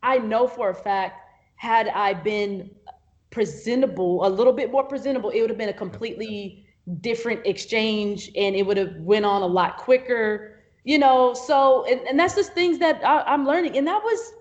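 A woman's voice: fairly high pitch, normal speed, muffled recording. A woman guest on a podcast, telling a work story in a casual chat, acting out quotes with laughs and fillers. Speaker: videographer guest.

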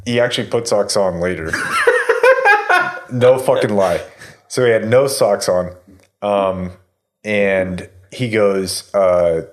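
Low-voiced guy in his 30s rambling through a story, lots of likes and ums, swears a bunch. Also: steady tone, slow pace, pauses often, a little mellow. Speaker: podcast host telling a story. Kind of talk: casual chat.

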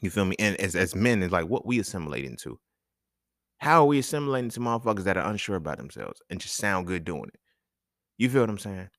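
A man's voice: low-pitched, sing-song, fast talker, fairly bright tone, dry recording, studio quality. A man hosting a podcast, talking in a casual, emphatic and profane monologue, chuckling between points. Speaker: podcast host.

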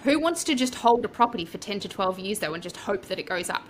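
A woman's voice: medium pitch, lively intonation, quick pace, slight background noise. An Australian woman, a podcast guest, telling her story in a chatty, rambling way and acting out her own past thoughts. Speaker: podcast guest, property coach. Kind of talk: casual storytelling interview.

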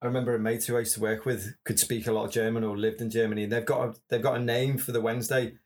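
A man's voice: mid-range voice, level tone, racing, a little mellow. A man hosting a casual interview, rambling and joking.

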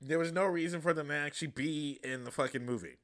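A man hosting a podcast, reviewing a movie in a loose, profane, animated way. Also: fairly high pitch, fast talker. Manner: loose, profane and animated, acting out quoted lines. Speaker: podcast host. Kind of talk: casual comedic movie review.

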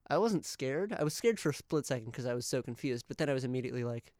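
A man's voice: mid-range voice, expressive, quick pace, a little mellow, dry recording, studio quality. A young man co-hosting a podcast, chatting casually and rambling with lots of fillers. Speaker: podcast co-host. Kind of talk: casual chat.

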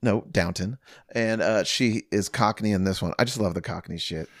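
A man's voice: fairly low pitch, normal speed, no room sound, studio quality. A man co-hosting a podcast in casual chat, rambling with lots of "like" and "um" and casual swearing. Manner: rambling, filler-heavy, profane. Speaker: podcast co-host.

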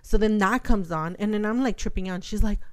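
A young woman chats casually on a podcast, telling a story with lots of energy. Her voice is smooth and clear at a middling pitch. She swears freely and keeps the story moving. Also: a little fast. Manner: animated storytelling, heavy swearing. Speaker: podcast co-host. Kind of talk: casual chat.

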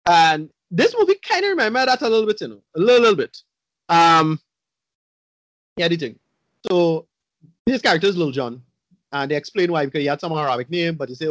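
A man's voice: fairly high pitch, expressive, fairly quick, pauses often, no echo. A man in casual podcast chat reviewing a movie, blunt, rambling and profane.

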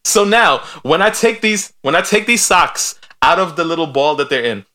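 Animated teasing man co-host. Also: fairly high pitch, moderate pace. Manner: animated, teasing, laughs often. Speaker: podcast co-host. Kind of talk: casual chat.

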